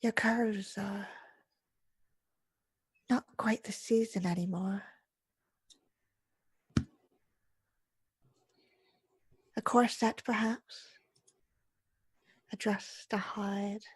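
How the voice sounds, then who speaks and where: A woman's voice: mid-range voice, steady tone, slow, pauses often, dark tone, breathy edge, no room sound, voice pushed up. A woman voicing an eerie female figure with diamond teeth, speaking in a coaxing, little-used whisper.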